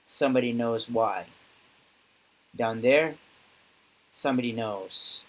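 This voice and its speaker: A man voicing a grim, terse male vigilante reading his own journal, in a flat, halting, clipped way. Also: mid-range voice, close to an everyday voice, poor audio. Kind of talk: amateur dramatic reading.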